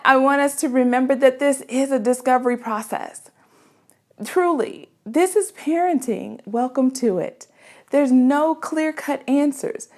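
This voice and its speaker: A woman, a mother, giving parenting advice in an earnest, conversational way, often checking in with the listener. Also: high voice. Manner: earnest and conversational, with frequent "right?" asides. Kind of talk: casual advice talk.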